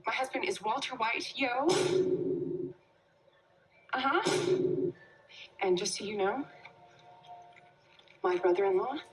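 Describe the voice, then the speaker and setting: A man putting on the voice of a stern, prim middle-aged woman, with a clipped, pointed delivery that ends lines on a flat "yo". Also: high-pitched, slow, long pauses, distant mic, voice pushed up, low-quality recording. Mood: defiant.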